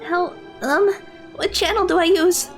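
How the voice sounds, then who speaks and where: A woman's voice: extremely high pitch, steady tone, a little slow, soft background music, pitched above the performer's own voice. Woman voicing a frightened young boy. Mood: pleading.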